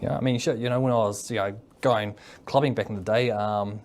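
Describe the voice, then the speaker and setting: A man's voice: on the low side, steady tone, fairly quick, a little mellow, a little hiss or hum. Kiwi guy chatting loose in an interview, rambly, tacks "eh?" on everything. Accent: New Zealand. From New Zealand. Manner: rambling, full of fillers and "eh?" tags. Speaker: mental health worker, guest. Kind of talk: casual interview chat.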